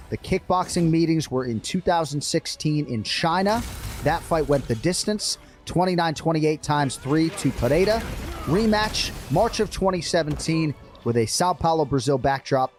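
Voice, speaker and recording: A man's voice: a little high, animated. Man hosting a sports betting show. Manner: measured, announcer-like setup. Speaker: show host.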